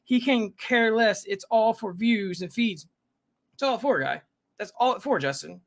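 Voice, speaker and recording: He chats with his reaction-stream audience in a casual way, calling out viewers by name and rambling through frequent self-interruptions. His voice sits high and is expressive, with vocal fry and a measured pace.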